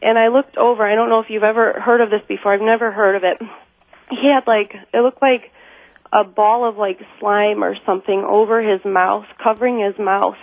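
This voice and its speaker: A woman's voice: medium pitch, fairly even intonation, moderate pace, no echo. A woman caller on a phone-in show, telling a personal story in a rambling way, full of fillers and nervous laughs. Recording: tinny phone line.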